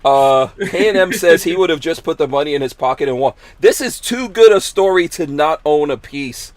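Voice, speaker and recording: A man's voice: fairly high pitch, expressive, moderate pace, dry recording. A man hosting a podcast, chatting casually, laughing often and reading viewer comments aloud. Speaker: podcast host. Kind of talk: casual chat.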